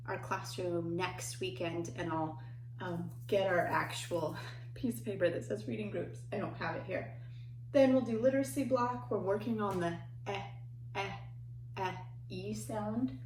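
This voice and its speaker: A woman teaching a remote lesson to young children, speaking in a slow, patient, encouraging way. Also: mid-range voice, darkish tone. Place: home. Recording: echoey room, faint noise.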